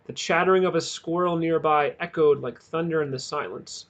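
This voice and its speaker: Reading a novel aloud, a man working as an audiobook reader keeps a steady, measured storytelling pace and leans into the drama. His pitch sits a bit higher than most men's.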